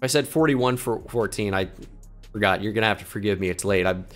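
Joking, foul-mouthed young gaming commentator. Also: male voice, on the low side, fairly quick, soft background music. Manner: joking, profane, rambling. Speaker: gaming YouTuber.

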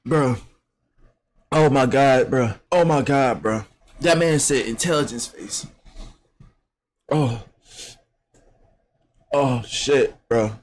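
A man's voice: medium pitch, slow pace, long pauses. A man hosting a reaction video, exclaiming, laughing and repeating the punchlines he just heard. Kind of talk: casual reaction commentary.

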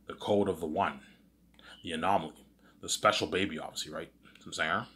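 Low male voice, casual rambling monologue, frequent restarts, loose and unscripted. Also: steady tone, fast, pushed and bright. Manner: rambling, with many restarts and "you know what I'm saying"; casual, with swearing. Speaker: host.

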